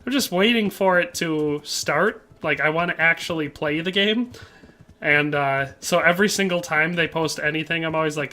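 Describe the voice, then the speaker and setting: Bright-voiced chatty male game streamer. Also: a little high, normal speed. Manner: chatty, reads viewer comments aloud and answers them; playful, joking asides. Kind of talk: casual livestream commentary while playing.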